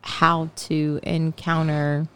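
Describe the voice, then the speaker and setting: A woman's voice: sits low, monotone, extremely slow, fairly bright tone, clean tone. A woman with a law enforcement background, co-hosting a casual chat and explaining her experience in a wry manner.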